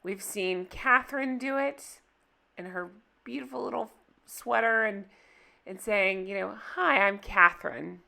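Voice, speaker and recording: A woman vlogger with a bright, forceful voice reads posts aloud and reacts to them. Her commentary is casual, sarcastic and exasperated, and she often thinks out loud. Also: on the high side, measured pace, gravelly.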